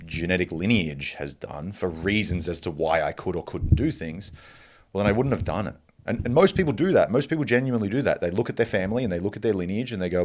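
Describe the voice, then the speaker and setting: A young man with an Australian accent and a very deep voice talks alone on his podcast. He swears freely and pushes hard to get his listeners fired up. Now and then he stops to cough. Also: a little mellow. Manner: blunt, profane and fired up. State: coughing at times. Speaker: podcast host. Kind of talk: motivational monologue.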